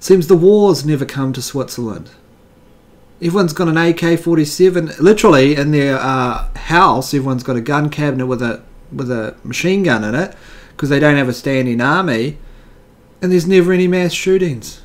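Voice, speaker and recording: A man's voice: fairly high pitch, normal speed. A man hosting a casual video, reading jokes aloud and giving wry, rambling commentary with fillers.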